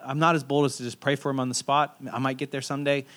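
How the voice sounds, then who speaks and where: A man in his thirties, a pastor preaching a sermon in a relaxed, conversational and self-deprecating storytelling way. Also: mid-range voice, quick pace.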